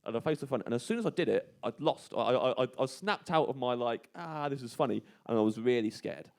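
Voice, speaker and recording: A man telling a long, rambling story in a studio, his voice mid-pitched and unforced. The room around him is quiet. He drops lower and softer when he quotes others. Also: expressive, fairly quick, creaky. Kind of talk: casual radio chat, anecdote. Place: radio studio. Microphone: studio microphone.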